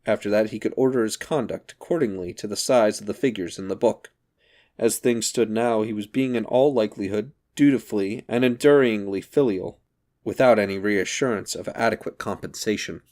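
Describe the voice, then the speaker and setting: A man narrating a comic novel in a measured, even reading. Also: lowish voice. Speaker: audiobook reader. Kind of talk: scripted narration.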